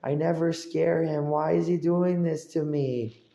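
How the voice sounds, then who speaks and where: A man's voice: on the high side, steady tone, a little slow, vocal fry, dark tone, reverberant, voice pushed up. A man putting on a whiny frustrated grown man. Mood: whining. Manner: whining, rising complaints.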